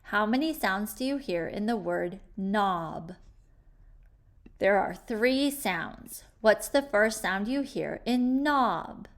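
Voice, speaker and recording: A woman teaching a phonics spelling lesson for children, slowly sounding out words with clear, patient explanations. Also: mid-range voice, animated.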